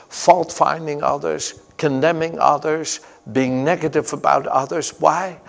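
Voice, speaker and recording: A man delivers an emphatic sermon and tells personal stories along the way. His voice sits a little high with a gravelly rasp. It rings out through the long reverb of a large hall. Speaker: preacher.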